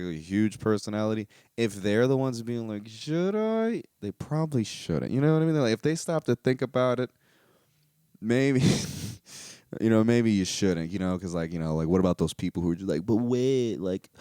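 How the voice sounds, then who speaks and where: A man's voice: lowish voice, smooth, no echo, studio quality. A man hosting a podcast, rambling through a casual comedic monologue full of swearing and filler words. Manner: profane, animated, heavy on filler words. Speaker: podcast host.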